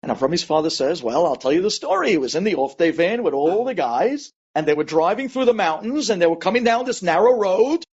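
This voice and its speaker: A man, a rabbi, telling an inspirational story dramatically, acting out each person's pleas with big swings in pitch and loudness. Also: very animated, brisk, few pauses, breathy edge, dull audio.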